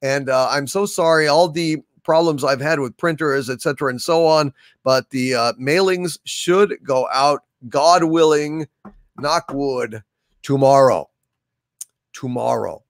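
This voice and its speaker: A man's voice: on the high side, unhurried, no echo, studio quality. An older man hosting a livestream, reading super chats aloud with grand, theatrical proclamations. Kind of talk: casual livestream chat.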